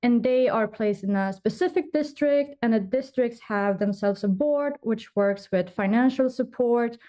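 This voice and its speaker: A young Swedish woman giving a conference presentation over a remote call as vice chair of a youth astronomy association, explaining with frequent pauses. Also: a little high, dark tone. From Sweden. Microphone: remote call from an office.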